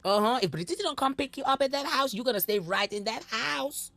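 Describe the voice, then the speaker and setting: A woman's voice: high-pitched, animated, brisk, a loud crowd. A woman giving sarcastic, scolding reaction commentary on video clips, mocking and challenging the person she watches.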